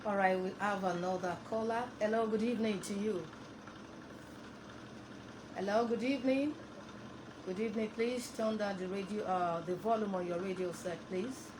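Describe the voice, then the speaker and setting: A woman hosting a radio phone-in show, brisk and polite as she takes callers and reads out the phone lines. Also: medium pitch, steady tone, noisy background. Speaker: radio talk show host. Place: radio studio.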